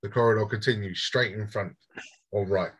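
Husky male game master. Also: fairly low pitch, fairly even intonation, a bit bright, rough recording. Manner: casual, halting, with restarts. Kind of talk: narrating a tabletop game.

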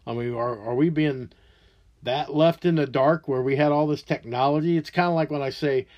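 Profane ranting man in his forties. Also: dull audio. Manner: angry, profane, loud outbursts then low mutters. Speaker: podcast host. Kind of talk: ranting solo monologue.

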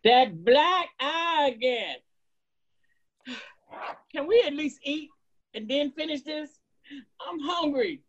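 A desperate, sobbing mourner, acted by a woman in a very high, thin voice. She pleads slowly between her cries, broken by grief, on a dull, muffled recording. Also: expressive. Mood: weary. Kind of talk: stage play acting.

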